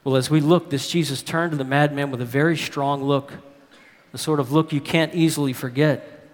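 A chatty young boy recounts his week in a plain, talkative way, as a man reads his letter aloud. The voice sits fairly high and rings with the long reverb of a large hall. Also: steady tone, moderate pace, natural voice. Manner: chatty, plain-spoken storytelling.

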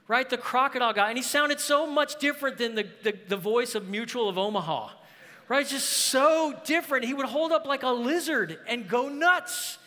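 A high, bright-voiced man preaching a sermon, earnest and emphatic, pressing the congregation with rhetorical questions. His voice rings out through a hall with a long reverb trailing behind each phrase. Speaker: pastor.

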